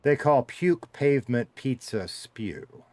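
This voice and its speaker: A man's voice: medium pitch, big pitch swings, takes it slowly, a little mellow, no echo. A middle-aged man with a Southern US accent, chatting casually with a live audience, joking and rambling through stories while his drawl slides heavier and lighter. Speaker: streamer reading chat.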